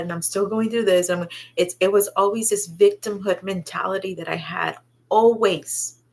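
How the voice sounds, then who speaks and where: A woman telling a personal story, halting and reflective, with many pauses and fillers. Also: mid-range voice, slightly rough. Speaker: vlogger sharing her own story.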